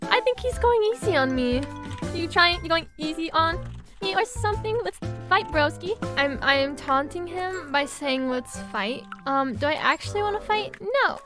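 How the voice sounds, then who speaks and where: A woman's voice: extremely high pitch, animated, moderate pace. A young woman giving playful gaming commentary, teasing her opponent with dramatic, giggly trash talk. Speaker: gaming YouTuber. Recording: game music playing behind voice.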